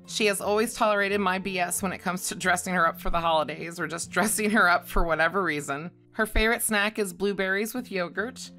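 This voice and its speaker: A woman's voice: fairly low pitch, sharp tone. A woman vlogging about her dog, reading a scripted personal tribute in a fond manner and chuckling often. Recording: faint guitar music behind.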